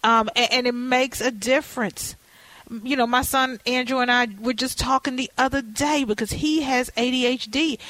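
A woman hosting a talk show, chatting in a lively, candid way with folksy asides. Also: sits high, moderate pace, dry recording, rough recording. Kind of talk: casual talk show chat.

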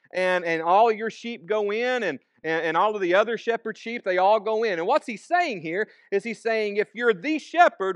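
A man's voice: high-pitched, fairly bright tone, dry recording, studio quality. A man preaching a sermon, reading scripture aloud and then explaining it in an easygoing, conversational way. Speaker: pastor.

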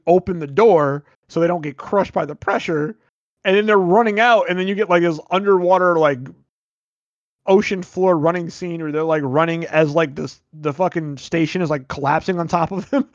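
A man's voice: a little high, normal speed, no room sound, highs cut off. A male podcast host casually recapping a movie, rambling with lots of fillers and the odd swear. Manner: rambling, filler-heavy retelling with frequent "like".

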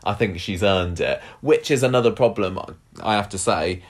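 A man's voice: on the low side, moderate pace. A man co-hosting a podcast, chatting casually and thinking aloud with occasional ums. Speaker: podcast co-host. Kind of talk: casual chat about a TV soap.

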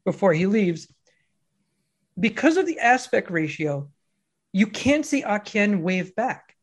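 A man co-hosting a casual film chat, telling stories in an animated way and laughing often. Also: high voice, slow pace. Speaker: podcast co-host.

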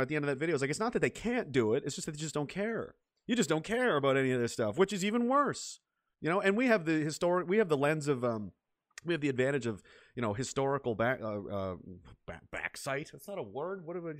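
Man, podcast host, rapid ranting, restarts, dry studio sound. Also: fairly high pitch, dry recording. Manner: fast, profane, ranting with restarts. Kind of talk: casual chat.

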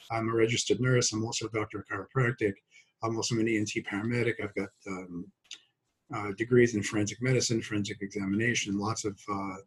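Husky older man from Brooklyn, guest doctor, stop-start delivery full of jokes. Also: fairly low pitch, rough recording. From Brooklyn, New York. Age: 60s. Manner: halting, many fillers and restarts, joking. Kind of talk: podcast interview.

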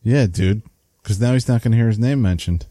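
A man's voice: lowish voice, a little fast, warm tone, no room sound, studio quality. A man co-hosting a casual hobby podcast, laid-back and chatty, often tossing in "man". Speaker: podcast co-host. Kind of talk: casual chat.

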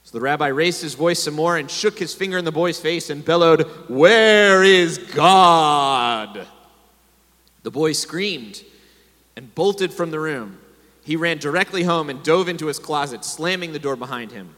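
An American pastor with a somewhat high, slightly bright voice preaches at a normal speed to a congregation. He tells stories and calls for responses, and the hall adds a long reverb.

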